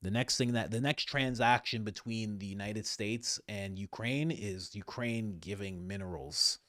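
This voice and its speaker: A man's voice: on the low side, a little slow, fairly bright tone, no room sound, clean studio sound. A man hosting a podcast, giving casual political commentary in an opinionated, exasperated way. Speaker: podcast host.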